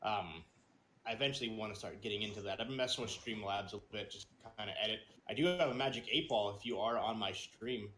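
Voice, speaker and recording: A man's voice: on the low side, fast talker, a bit bright, roomy sound, a little hiss or hum. A man co-hosting a gaming podcast, chatting casually in a rambling, hesitant way with lots of ums and restarts. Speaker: podcast co-host and streamer. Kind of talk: casual chat.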